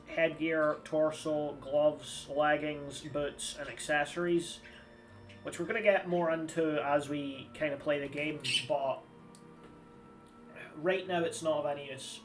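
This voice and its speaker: A man's voice: fairly high pitch, steady tone, unhurried. Chatty guy streaming a game. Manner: chatty, rambling, swears casually. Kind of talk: casual gameplay commentary. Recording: slightly distant mic with game music.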